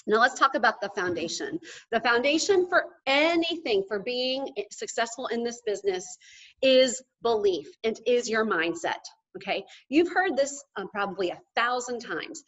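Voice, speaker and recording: A woman with a fairly high voice gives a lively, emphatic pep talk to a crowd at a live event. She keeps checking in with her listeners. The recording sounds a little dull and lo-fi. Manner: energetic, emphatic, keeps asking "okay?". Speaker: motivational speaker at a sales event. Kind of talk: motivational talk to a live audience.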